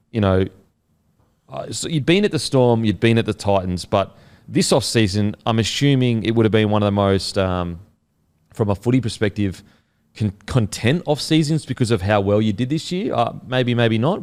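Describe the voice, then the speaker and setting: A man's voice: fairly low pitch, a little mellow, smooth. A man in his thirties hosting a casual interview, chatty and reflective, calling his guest "mate". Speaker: podcast host.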